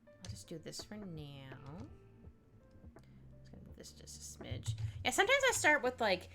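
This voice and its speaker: Female streamer, casual drawing-stream chatter, bright forward tone, faint background music. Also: fairly low pitch, huge pitch swings, unhurried. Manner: chatty, reads chat aloud, laughs often, trails off while drawing. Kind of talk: casual live-stream chat while drawing.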